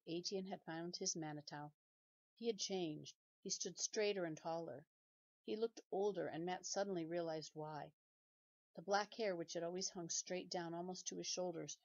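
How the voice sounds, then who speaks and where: A woman teacher reads a children's novel aloud with steady, measured and clear narration. Her voice sits on the lower side, and the recording sounds dull and lo-fi.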